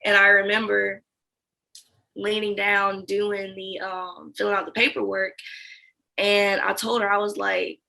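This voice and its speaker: Young woman telling a story in an interview, bright sharp tone, acts out the back-and-forth. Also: mid-range voice, unhurried, creaky, low-quality recording. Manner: animated storytelling that acts out quoted dialogue. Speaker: interviewee, former sales account manager.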